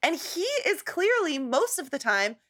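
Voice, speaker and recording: A woman's voice: high voice, sing-song, measured pace, a bit bright. A woman co-hosting a podcast, chatting casually about a reality show and laughing often. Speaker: podcast co-host.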